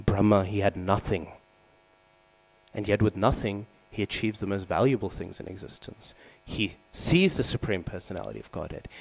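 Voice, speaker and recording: A man with a low, deep voice gives a sermon to a group of listeners. He tells the story lively, acting out the figures in it, and keeps checking in with "right?" and "hmm?" as he goes. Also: gravelly, low-quality recording. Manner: storytelling, acts out the quoted figures; asks the audience questions, often adds "right?" and "hmm?". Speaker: speaker giving a scripture class.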